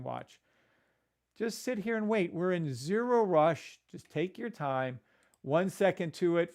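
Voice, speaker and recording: Man, live trading stream host, excitable, profane, loud then muttering, greets chat by name, slightly high voice. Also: creaky. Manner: excitable, profane, swings between shouting and muttering; addresses chat viewers by name.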